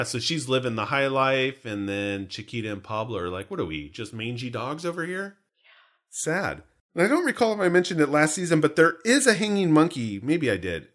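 A man's voice: medium pitch, fairly bright tone. A man co-hosting a podcast in casual, jokey chat, often laughing. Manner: chatty, jokey, frequent laughter. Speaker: podcast co-host.

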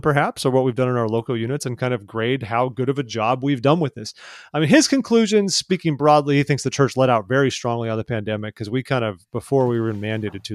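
A man co-hosting a casual podcast, teasing his partner and briskly introducing new topics. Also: medium pitch, no echo, studio quality. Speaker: podcast co-host.

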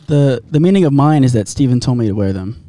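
A man's voice: medium pitch, animated, fast, warm tone, no room sound. A man in his thirties, a guest chatting casually with self-deprecating jokes. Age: 30s. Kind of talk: casual chat.

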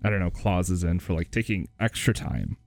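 A man's voice: low voice, animated, moderate pace, vocal fry, darkish tone, dry recording. A young man in a casual podcast discussion, talking hesitantly with many fillers and restarts. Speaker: medical trainee panelist.

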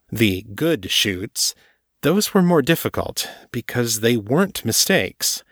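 A man narrating a novel in a measured, steady reading voice. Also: mid-range voice, no room sound, clean studio sound. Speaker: audiobook narrator. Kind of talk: scripted narration.

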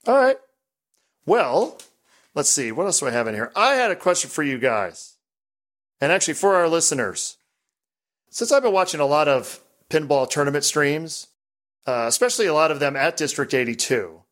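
Male podcast host with a slightly raised pitch; talkative, rambles through topics. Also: moderate pace. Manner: chatty, rambling, animated. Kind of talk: casual podcast chat.

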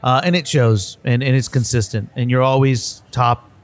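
A man hosts a relaxed workplace chat. He tells stories with a lot of energy, stumbles and repeats words, and keeps his voice in a middle pitch. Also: normal speed. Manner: animated storyteller, repeats words, says bro. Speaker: podcast host. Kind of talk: casual conversation.

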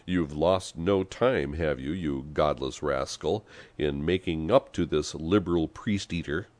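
Man doing a combative priest, sharp-tongued, scolding, storybook figure, low voice. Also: unhurried, no room sound.

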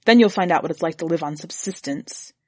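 A woman reader doing a grumbling husband who sneers at everything, with a low, slightly husky voice. He talks with gloomy relish and contempt. The sound is close and dry. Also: brisk, no echo. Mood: scornful. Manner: gloomy, scornful, complaining. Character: grumbling middle-aged husband, sour and contemptuous.

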